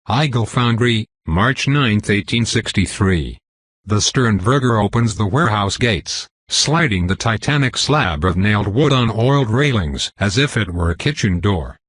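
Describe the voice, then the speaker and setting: Low husky male audiobook narrator. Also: fairly bright tone, no room sound. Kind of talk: scripted narration.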